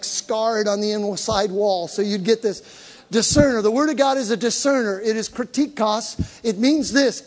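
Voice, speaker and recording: A man preaching a sermon to a congregation, emphatic, repeating key words and drawing the crowd into call and response. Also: extremely high pitch. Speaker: pastor. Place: church hall with live congregation. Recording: long reverb of a large hall.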